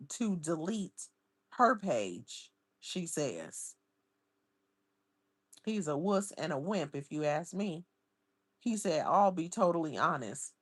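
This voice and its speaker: A woman's voice: fairly low pitch, no echo. A woman hosting a casual livestream, chatting and gossiping as she reads viewer comments aloud into a close mic. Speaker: livestream host.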